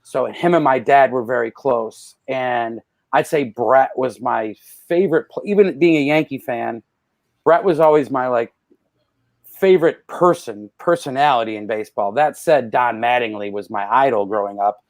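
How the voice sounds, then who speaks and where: This man, a guest on a podcast, talks at a normal speed with no room sound. He tells anecdotes casually and acts out the people he quotes, his pitch jumping loudly when he does.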